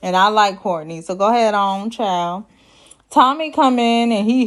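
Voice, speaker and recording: This sassy, chatty woman recaps reality TV casually in a medium-pitched voice at a moderate pace. She giggles at her own humor and quotes people from the show in exaggerated put-on voices.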